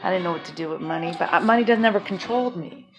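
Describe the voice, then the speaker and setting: A woman's voice: lowish voice, racing. A woman venting in a raw personal vlog, heated and confrontational, swearing as she airs her grievances. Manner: heated, confrontational, swearing, rising and falling in intensity. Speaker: vlogger. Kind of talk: emotional personal vlog rant. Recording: music playing behind the voice.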